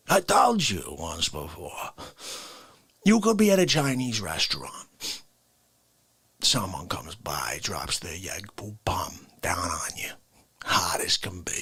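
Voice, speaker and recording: A man putting on an indignant Italian tough guy from the Bronx, ranting slowly and dropping from shouts to hushed whispers. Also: on the high side, gravelly, slightly rough, no room sound, full character voice. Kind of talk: comedic character monologue.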